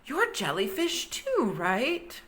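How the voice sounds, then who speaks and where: A woman voicing a young, silly boy jellyfish who asks high, excited questions. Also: slow pace, heavily acted. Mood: eager.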